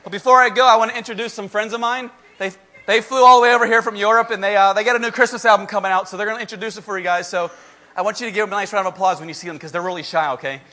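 A man's voice: high-pitched, rapid-fire. A man hosting a live event, energetically calling out to the audience and running a contest. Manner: energetic, shouting to the crowd. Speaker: event host.

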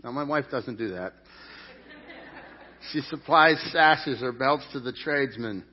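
A middle-aged man preaching a sermon in an animated, jokey way, with sudden loud peaks. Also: mid-range voice, a little slow. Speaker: pastor. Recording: dull lo-fi sound.

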